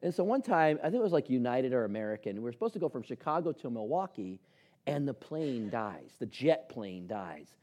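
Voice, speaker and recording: A man's voice: mid-range voice, fairly quick. A man preaching a sermon, telling personal stories and acting out the dialogue in them. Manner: animated storyteller acting out dialogue. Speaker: pastor.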